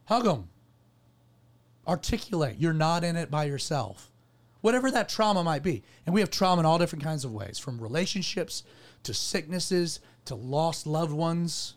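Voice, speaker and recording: A man's voice: on the high side, sing-song, normal speed. Earnest rambling male podcast host. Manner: earnest, rambling, self-correcting. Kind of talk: casual chat, personal storytelling.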